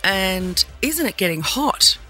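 A woman's voice: mid-range voice, sing-song, slow pace, sharp tone, faint music behind. A woman with an Australian accent hosting a casual solo podcast, chatty and jokey, rambling with asides and laughs. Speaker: podcast host. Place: indoor studio.

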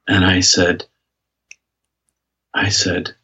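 Deep husky man, earnest storyteller. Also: a little slow, a bit bright. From United States. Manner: earnest, reflective, with frequent restarts. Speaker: pastor and guest. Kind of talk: personal storytelling in an interview. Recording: dull lo-fi sound.

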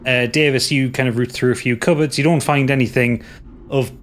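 A man's voice: medium pitch, fairly even intonation, fairly quick. Stumbling male game master. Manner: stumbling, repeating himself while describing scenes. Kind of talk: narrating a tabletop game.

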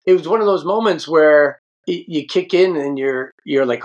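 A man in his fifties from the United States, telling stories from his playing days in a casual, animated way. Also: mid-range voice, moderate pace, hardly any pauses. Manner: animated, acts out quoted voices. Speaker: guest, former pro soccer player. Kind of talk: casual storytelling.

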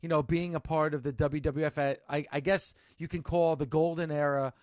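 A man hosting a wrestling radio podcast, energetic and announcer-like when he opens the show. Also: on the high side, normal speed, no echo, studio quality. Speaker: podcast host.

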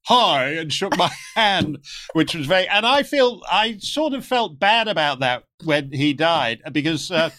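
A man guest in an interview, telling animated anecdotes and acting out the voices of the people in them. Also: on the high side, measured pace. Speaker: guest commentator. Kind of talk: storytelling interview chat.

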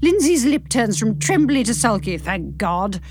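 Expressive woman reading a novel. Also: on the high side, a little slow. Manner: expressive, playful, first-person storytelling. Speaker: audiobook narrator. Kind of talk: reading a novel aloud, casual asides.

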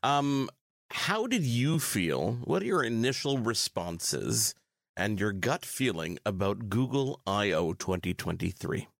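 Canadian tech guy guesting, low voice, measured explaining, dry close mic. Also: big pitch swings, vocal fry, no echo. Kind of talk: casual interview chat.

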